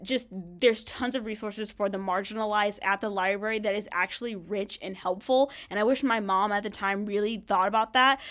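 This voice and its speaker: A young woman vlogging casually from a bedroom, chatty and rambling, full of "like" fillers and quick laughs. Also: medium pitch. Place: bedroom in an apartment.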